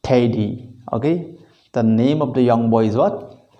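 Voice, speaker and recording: A man teaching literature explains a story line by line at a measured pace, his voice medium-pitched and dark. He's repetitive and says "okay" constantly, and the recording is muffled.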